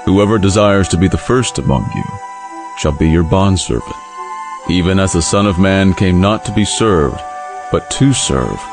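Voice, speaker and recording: A man playing Jesus in a dramatized scripture reading, speaking in a measured, solemn, grave way. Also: low-pitched, animated. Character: Jesus, calm authoritative male teacher. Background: music underneath.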